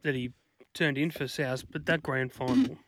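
A man's voice: mid-range voice, fairly even intonation, normal speed, a bit bright, dry recording. A man, co-hosting a casual sports chat with wry, dry humour.

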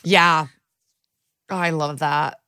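A woman's voice: deep voice, fairly even intonation, slow, bright, forceful tone, clear, resonant tone, no echo, studio quality. An American woman co-hosting a podcast from home, talking in a rambling, giggly way with many fillers. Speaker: podcast co-host. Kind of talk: casual chat. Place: home recording space.

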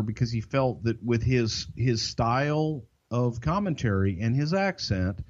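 A Southern U.S. podcast co-host and wrestling insider tells stories casually in a mid-range voice, drawling, emphatic, and swearing freely. The audio is dull and lo-fi, as if from a slightly muffled mic.

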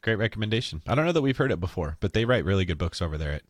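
Playful guy cohost, bouncy voice, talks fast, teases a lot. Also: deep voice, lively intonation. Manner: teasing, playful. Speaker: podcast co-host. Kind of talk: casual interview chat.

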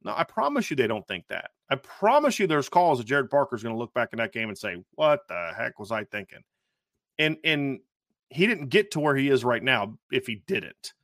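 In clean, dry studio audio with no room sound, a podcast host breaks down football questions for a sports talk show. His medium-pitched voice swings widely in pitch, with a moderate pace and a fairly bright tone. He is emphatic, repeats himself and keeps restarting.

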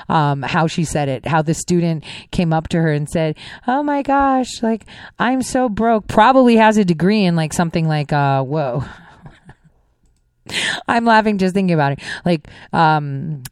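A woman hosting a talk show, talking casually and animatedly, her pitch swooping up when she gets worked up. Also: a little mellow, no room sound.

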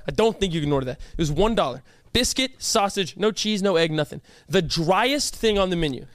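A young man co-hosting a casual podcast, telling stories with big swings into loud impressions of other people. His voice sits high for a man, and the sound is dry and close, with no room around it. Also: animated, fairly quick, no room sound. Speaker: podcast co-host. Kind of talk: casual chat.

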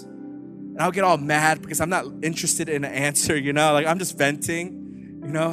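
A man's voice: on the high side, steady tone, moderate pace, over music. A man giving a candid, humorous sermon testimony, telling his story with frequent filler words. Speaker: preacher.

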